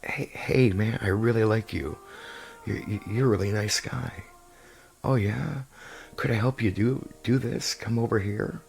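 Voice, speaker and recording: A man voicing a small, nice but slightly deceitful male halfling thief, speaking softly and in a friendly way. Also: on the low side, a little slow, creaky. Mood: sly, friendly. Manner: soft, friendly and a bit deceitful. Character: soft-spoken sly male halfling thief.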